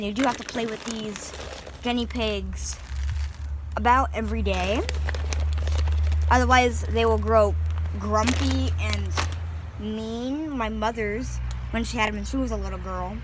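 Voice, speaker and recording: In this casual backyard vlog, a young woman shows her pet guinea pigs on a handheld phone, her fairly high voice chatty and loaded with fillers. She uses a sweet baby voice when addressing the animals, and the background is noisy.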